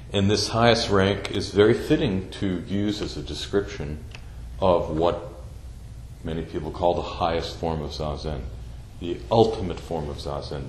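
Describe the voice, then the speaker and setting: Slow, deliberate man teaching Zen. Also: deep voice, a little mellow. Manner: slow, deliberate, repeating phrases for emphasis. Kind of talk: dharma talk. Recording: echoey room with faint background noise.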